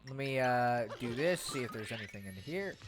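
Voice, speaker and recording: A young adult woman streams a video game, giving casual commentary on her gameplay while swearing freely. Her voice is rumbling low and animated, and her delivery is profane, quick, and chatty. Faint music plays in the background.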